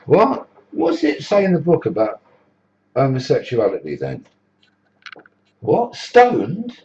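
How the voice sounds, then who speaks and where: A man's voice: medium pitch, wildly swooping pitch, slow pace, a little mellow, lo-fi sound, voice pushed up, exaggerated voice. A man voicing a pompous, bossy Jesus figure who quizzes people, in a raised, brusque voice. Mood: quizzing. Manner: dismissive, interrogating.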